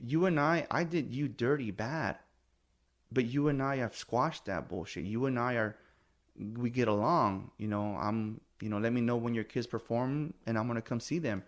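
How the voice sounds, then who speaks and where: A middle-aged man talks in loose, heated chat, swearing often and pushing back hard as he vents. His voice sits at an ordinary middle pitch for a man. He is blunt and defensive, and he repeats himself when worked up. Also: moderate pace. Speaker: podcast host. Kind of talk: casual chat.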